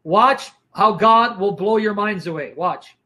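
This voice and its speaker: A man's voice: sits high, unhurried, sharp tone. A man teaching the Bible in a sermon style, emphatic and repetitive, often telling listeners to watch and asking if they follow, his throat strained by coughing.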